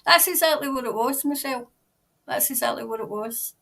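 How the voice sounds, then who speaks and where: Chatty Scottish woman, slightly high voice. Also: fairly quick, gravelly, bright, forceful tone. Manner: chatty and rambling, laughs often, many "like" and "you know" fillers. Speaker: tarot reader reading viewer comments. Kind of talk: casual livestream chat.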